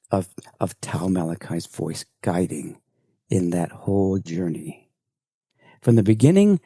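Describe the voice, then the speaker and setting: A man, an elder of a spiritual community, slowly recounts a spiritual experience in a reflective group sharing, with halting restarts. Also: on the low side, dark tone, no room sound. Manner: slow, searching, halting restarts.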